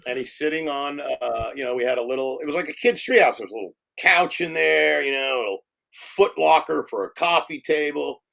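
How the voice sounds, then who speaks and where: An older man, a film director, telling stories casually in an interview, rambling, with many fillers and restarts, getting animated at the funny parts. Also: fairly high pitch, a little fast, gravelly.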